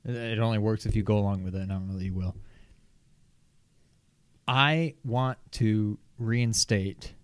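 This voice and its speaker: A man's voice: fairly low pitch, very fast, hardly any pauses, no room sound. A man co-hosting a casual gaming podcast, playful and teasing. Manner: playful, teasing, lively delivery. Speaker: podcast co-host.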